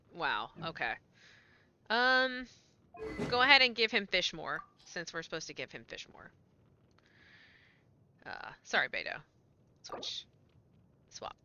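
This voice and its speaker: A woman streaming a video game, chatting casually into a desk mic, swearing freely and swinging between low mutters and loud excited yelps. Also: lo-fi sound, a little hiss or hum. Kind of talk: casual gameplay stream chat.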